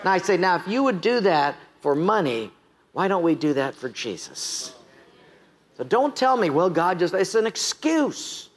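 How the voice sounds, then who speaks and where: An American man preaching a sermon, animated and joking, often asking the congregation questions. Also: sits high, a little slow. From United States. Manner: animated, asks the crowd questions, jokes and laughs. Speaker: pastor.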